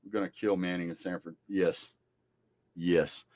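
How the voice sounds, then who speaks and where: Running a laid-back college football livestream, this man cracks jokes and bluntly trash-talks teams and players, drawling his words Southern-style. His low voice is flat, a little slow and somewhat mellow, with no echo.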